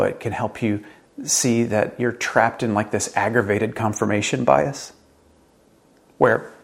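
A man preaching a sermon in an earnest way, rising to emphatic questions and dropping low and quiet. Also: vocal fry. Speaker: pastor.

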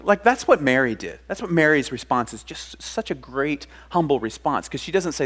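A man's voice: fairly high pitch, very animated, moderate pace, fairly bright tone, slightly rough. Conversational male pastor preaching a sermon. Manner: conversational, earnest, with many restarts and acted quotes.

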